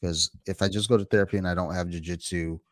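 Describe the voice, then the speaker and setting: Deep-voiced man host, thoughtful and hesitant. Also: steady tone, quick pace, no room sound. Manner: thoughtful, hesitant, many fillers. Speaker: podcast host. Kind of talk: reflective conversation.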